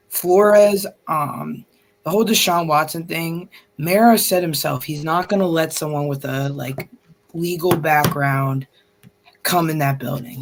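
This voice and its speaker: A man speaking as a guest on a sports podcast, hesitant and full of fillers. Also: a little high. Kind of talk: casual sports podcast chat.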